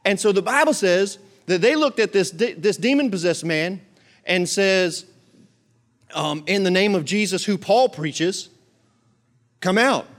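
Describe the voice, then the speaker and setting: A man's voice: sits high, animated, measured pace, fairly bright tone. A male pastor preaching a sermon, emphatic and repetitive, leading the congregation in call-and-response.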